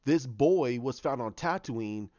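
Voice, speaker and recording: A man's voice: medium pitch, animated, slow, darkish tone, no echo, dull audio, pitched below the performer's own voice. A man voicing a deferential male imperial officer who reports hesitantly to his superior. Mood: dutiful.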